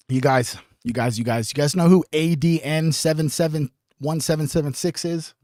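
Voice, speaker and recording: A man hosting a casual livestream, rambling with many restarts, swearing and often clearing his throat. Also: fairly high pitch, a little mellow, dry recording, studio quality. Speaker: livestream host. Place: home streaming setup.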